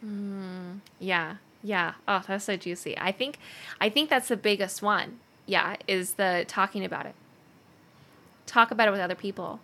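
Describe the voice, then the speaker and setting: Bright, chatty woman hosting. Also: mid-range voice, moderate pace. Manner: chatty and animated, many fillers. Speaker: podcast host. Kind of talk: casual chat.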